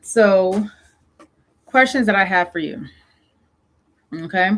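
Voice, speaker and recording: A woman's voice: mid-range voice, slow pace. A woman host with a Southern US accent, coaching founders in a casual solo talk, repeating her questions and using many fillers. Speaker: show host and funding consultant.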